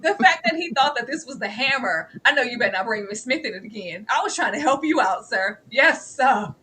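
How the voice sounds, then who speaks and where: A high, bright-voiced woman chatting through a review with a lot of swing in her pitch. She laughs often and acts out little bits of dialogue as she goes. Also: fairly quick, hardly any pauses. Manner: animated, laughing, acts out characters in quotes. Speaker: podcast co-host. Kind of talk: casual review chat.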